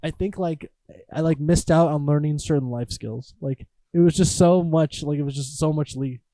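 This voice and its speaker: A young man co-hosting a gaming podcast, chatting in an animated way. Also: fairly high pitch, moderate pace, no echo. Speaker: podcast co-host. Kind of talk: casual chat.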